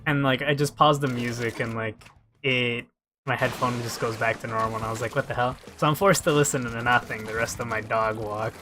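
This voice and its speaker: A man's voice: mid-range voice, fairly even intonation, a little fast, music in the background. A young man chatting casually while he plays a game, telling a rambling story and swearing freely into a headset mic. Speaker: gaming streamer. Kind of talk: casual chat while playing.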